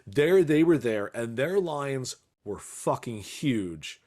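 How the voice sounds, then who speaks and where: A man's voice: mid-range voice, expressive, takes it slowly, a little mellow. A man co-hosting a podcast in casual chat, rambling with many restarts and fillers and swearing casually. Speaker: podcast co-host.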